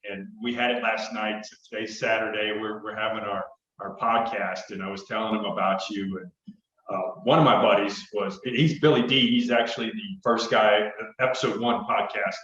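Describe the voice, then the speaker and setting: A man's voice: lowish voice, fairly even intonation, normal speed, a bit bright. A middle-aged man hosting a podcast, chatting in a rambling, jokey way. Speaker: podcast host. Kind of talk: casual chat. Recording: echoey, distant, dull audio.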